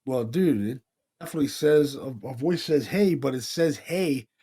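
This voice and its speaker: A paranormal investigator from Pennsylvania talks casually on the podcast he co-hosts, in a mid-range, mellow, husky voice at a moderate pace. He tells stories loosely, acts out the voices he heard, and swears in a relaxed way.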